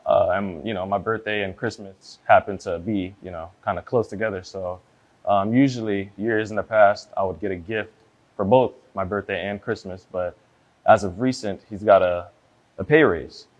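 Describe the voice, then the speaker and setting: A man in his early twenties, a plaintiff speaking hesitantly in court with many fillers and a quiet voice. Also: lowish voice, steady tone, moderate pace, lo-fi sound. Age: 20s.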